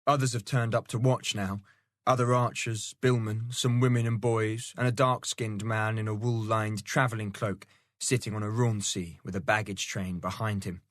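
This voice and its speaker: A man narrating a novel aloud in a steady, measured storytelling manner. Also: on the low side, dry recording, studio quality. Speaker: audiobook narrator. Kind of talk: scripted narration.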